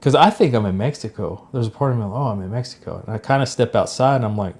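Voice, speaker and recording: A man's voice: medium pitch, fast talker. A middle-aged man, co-hosting a podcast, telling a personal story casually and acting out the lines of people in it. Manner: animated storyteller, acts out quoted lines. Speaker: podcast co-host.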